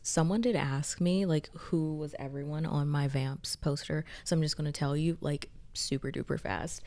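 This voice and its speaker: A young woman casually recapping and reviewing a TV episode, excitable and chatty with many fillers. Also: low voice. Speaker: pop culture video essayist.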